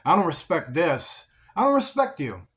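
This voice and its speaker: A man's voice: fairly high pitch, huge pitch swings, moderate pace, a bit bright. A man voicing God as a blunt, stern male deity who speaks plainly and scornfully. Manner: plain-spoken, scornful toward the unfaithful.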